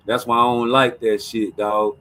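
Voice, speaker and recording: A man's voice: mid-range voice, little pitch movement, normal speed, fairly bright tone, a little hiss or hum. A man hosting a casual streamed boxing talk show, talking in a profane, emphatic way and repeating his points.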